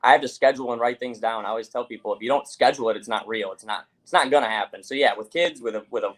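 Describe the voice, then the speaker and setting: A man talking quickly in a casual podcast conversation. He coaches and questions, dropping curse words as he goes, at an ordinary middle pitch. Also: fairly bright tone. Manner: rapid, coaching, asks pointed questions, swears freely. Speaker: mental health coach, host.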